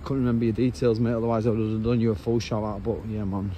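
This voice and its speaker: A man's voice: fairly low pitch, level tone, fast, warm tone. A man chatting bluntly in slang as he walks along a road, filming on a handheld phone. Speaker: vlogger. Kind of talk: casual walking vlog. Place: outdoors walking along a road. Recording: outdoor traffic noise.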